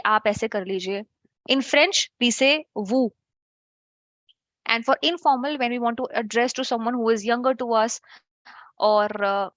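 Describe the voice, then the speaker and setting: A woman's voice: on the high side, fairly bright tone, no echo. A woman teaching an online French class, chatty and checking in with her students.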